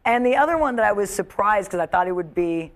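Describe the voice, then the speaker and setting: A woman's voice: medium pitch, fast. A woman comedian, a guest on a talk show, chatting casually and acting out quotes as she tells stories. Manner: chatty, animated storyteller, acts out quotes.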